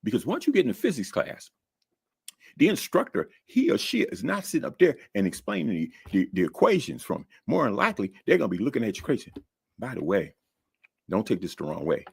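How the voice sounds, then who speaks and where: Low gravelly guy giving college tips, jokey, repeats himself, lots of swing in his voice. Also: fairly quick. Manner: animated, joking, repeats words. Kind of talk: casual talk-to-camera advice.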